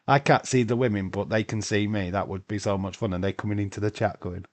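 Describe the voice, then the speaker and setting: A man's voice: on the low side, fairly even intonation, fairly quick. A man hosting a casual live watch-along stream, chatting loosely, answering viewers' comments and swearing now and then. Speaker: livestream host.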